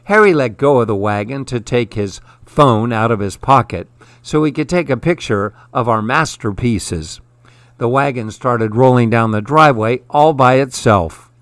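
Storybook narrator, man, steady reading, mid pitch, dry close sound. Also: moderate pace, dry recording.

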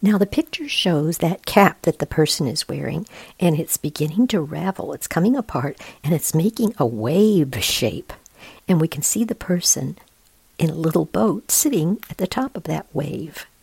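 A middle-aged woman reading picture books aloud, gently describing the pictures in a soothing, often hushed voice. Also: low-pitched, lively intonation, moderate pace, gravelly, slightly rough, no room sound. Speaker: reader of children's books.

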